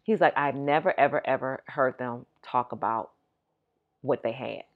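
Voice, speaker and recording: Low female co-host, casual and animated, volume jumps with excitement. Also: normal speed, phone-quality sound. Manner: animated, swinging loud and high when excited. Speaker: podcast co-host. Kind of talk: casual chat.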